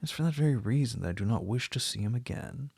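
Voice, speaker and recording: An anxious young noblewoman, as a male reader puts her on, speaking rapidly and tensely. The delivery carries a gravelly, husky grain in a dry, close recording. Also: medium pitch, animated, darkish tone, no echo. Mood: agitated.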